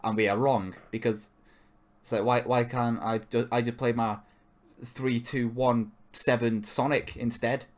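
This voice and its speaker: Medium-pitched and flat in delivery, a man co-hosting a podcast talks a little slowly. His casual chat wanders, he keeps cutting himself off, and he swears a lot.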